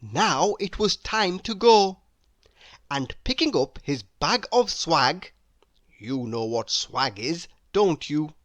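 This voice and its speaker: A woman reading a children's storybook aloud in an expressive manner, now and then asking the listener questions. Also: low-pitched, slow, dry recording. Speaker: storybook reader.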